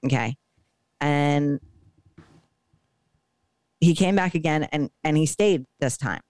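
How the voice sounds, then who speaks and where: A woman's voice: low-pitched, slow, no echo. Woman telling a dramatic story, dry sound. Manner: animated, dramatic retelling. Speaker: podcast co-host. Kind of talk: casual storytelling.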